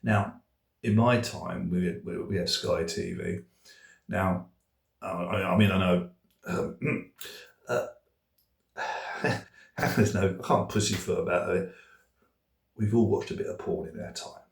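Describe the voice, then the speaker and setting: A man's voice: low voice, fairly even intonation, slow, vocal fry, long pauses. A middle-aged man telling a comic story in a rambling, self-deprecating way, with many hesitations. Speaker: speaker. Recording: distant, echoey room.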